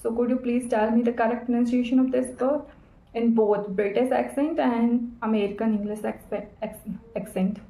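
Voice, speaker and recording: Woman, higher voice, warm tone, hesitant casual talk, echoey room. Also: level tone, moderate pace, vocal fry. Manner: careful, hesitant, many fillers. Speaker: learner practicing English with an AI. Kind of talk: casual spoken practice.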